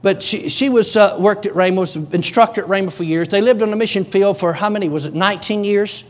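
A man's voice: high-pitched, fast talker. A middle-aged man, preaching in a folksy, emphatic storytelling way.

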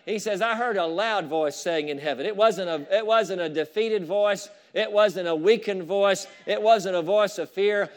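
A man preaching a fervent sermon, with asides to the congregation and rising shouts of praise. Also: high-pitched. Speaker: pastor.

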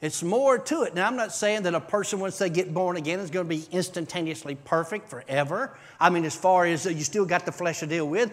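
A man preaching a testimony to a church congregation, telling his story in an animated way with bursts of shouting and laughter. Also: high-pitched, fairly quick, hardly any pauses. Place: church service.

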